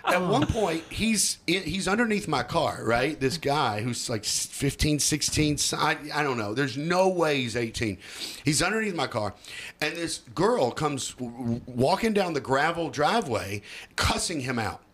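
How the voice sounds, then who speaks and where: A man telling a comic story as a podcast guest, animated and often laughing as he acts out the people in it. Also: fairly high pitch, moderate pace.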